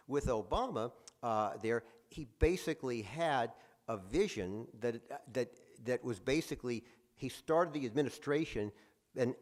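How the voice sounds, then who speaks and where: A man speaking as a guest author, giving a conversational talk with frequent fillers and restarts. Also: medium pitch. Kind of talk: lecture-style talk. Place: presentation room at a museum.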